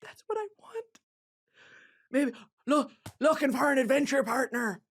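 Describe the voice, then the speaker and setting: A woman's voice: sits high, big pitch swings, unhurried. A young woman hosting a podcast, telling comic stories with lots of swearing and laughter, and mimicking other people's voices. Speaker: podcast host. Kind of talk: comedic storytelling.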